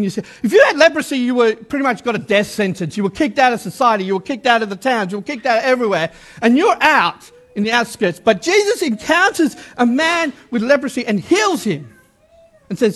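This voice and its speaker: High-voiced emphatic man preaching. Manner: lively, emphatic preaching with repeated refrains. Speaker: pastor. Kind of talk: sermon.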